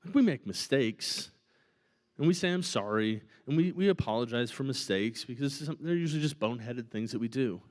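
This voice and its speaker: A man preaching as a pastor, in a conversational and animated style, often checking in with "right?". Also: medium pitch, a little fast. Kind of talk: sermon. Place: church auditorium.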